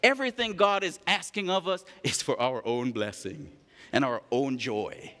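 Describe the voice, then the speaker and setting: In his sermon the pastor reads scripture and brings the story's characters to life with lively voices. His mid-range voice moves at normal speed, followed by a long reverb tail.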